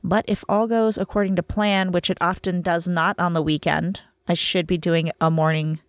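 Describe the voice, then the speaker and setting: A woman's voice: on the low side, little pitch movement, moderate pace, dry recording, clean studio sound. A woman in her thirties hosting a casual solo podcast, chatting in a rambling, self-deprecating way while tired from lack of sleep. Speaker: podcast host.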